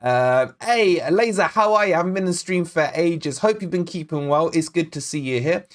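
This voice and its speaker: A man's voice: on the high side, normal speed. A man born in Scotland hosting a live football watch-along, chatting and reading out viewer comments and predictions. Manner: chatty, reads out chat names and predictions, excitable. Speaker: fan channel host.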